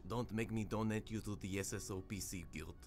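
A man's voice: lowish voice, fairly even intonation, fairly quick, darkish tone, soft background music, lightly acted. An actor playing a laid-back, self-mocking young male musician surviving a wasteland.

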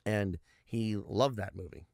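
A man's voice: on the low side, measured pace, gravelly, a little mellow, dry recording, studio quality. A man in his thirties, a comedian guest, telling rambling stories in casual interview chat and swearing constantly. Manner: heavy swearing, rambling storyteller.

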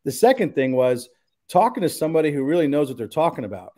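A man's voice: a little high, big pitch swings, quick pace, warm tone. A man who is a pastor, talking in a casual podcast conversation, earnest and emphatic as he thinks aloud.

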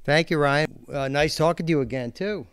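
Smooth-voiced man, reflective podcast guest. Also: on the high side, normal speed, no room sound. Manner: earnest, reflective. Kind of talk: casual podcast conversation.

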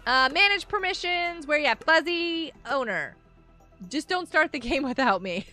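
A woman's voice: high-pitched, lively intonation, normal speed, bright, forceful tone, faint music behind. A woman hosting a casual gaming livestream, chatting with viewers, giggling often and reading out chat messages. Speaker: livestream host.

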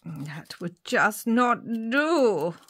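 Slow-talking woman crafting at home. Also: on the high side, big pitch swings. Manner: thinks aloud while working, with frequent fillers and asides; drops to soft whispers between remarks. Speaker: papercraft vlogger. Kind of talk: chatty crafting tutorial.

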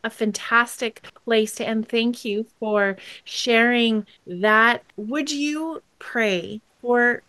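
A woman's voice: on the high side, takes it slowly, hardly any pauses, sharp tone, smooth, no room sound. A woman hosting a faith interview, affirming and emphatic as she responds to her guest. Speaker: host.

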